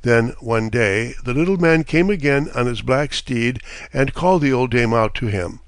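A man reading a fairy tale aloud in a measured, steady storytelling manner. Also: medium pitch, dry recording. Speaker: narrator.

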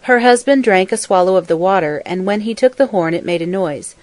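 A woman reading a folk tale aloud in a calm, measured way. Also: medium pitch, dry recording. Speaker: storyteller.

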